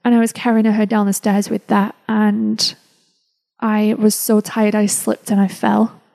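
Emotional woman podcaster, flat delivery. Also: medium pitch, vocal fry, poor audio. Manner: emotional, halting with restarts. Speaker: podcast host. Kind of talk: personal storytelling.

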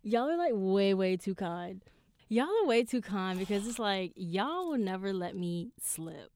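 A woman's voice: mid-range voice, animated, measured pace, a little mellow. A woman hosting her own podcast, telling personal stories in a candid, profane way, full of fillers. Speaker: podcast host. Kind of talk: casual solo podcast monologue.

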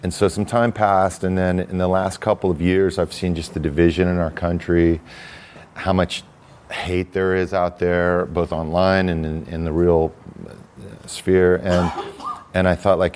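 A man talks as a guest on a podcast, his voice sitting very low and deep. He rambles loosely through his thoughts with plenty of "um" and restarts. It is an easygoing, conversational delivery. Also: darkish tone. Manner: laid-back, rambling storyteller with many fillers. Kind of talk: casual conversation.

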